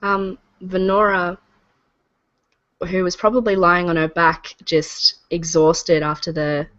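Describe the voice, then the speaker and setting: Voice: mid-range voice, little pitch movement, slow pace, fairly bright tone, highs cut off. A player describing a character's actions in a tabletop game, hesitant and restarting phrases.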